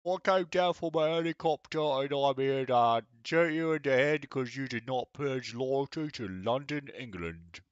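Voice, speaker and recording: A man's voice: on the low side, animated, unhurried, no room sound, highs cut off, voice pushed down. A man putting on a boastful, insulting British special forces soldier with a mocking, exaggerated British accent.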